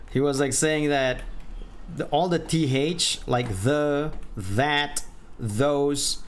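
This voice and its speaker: Male streamer, higher register, unhurried and meandering casual chat. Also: slight background noise. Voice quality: rambling, self-correcting, often laughing at himself.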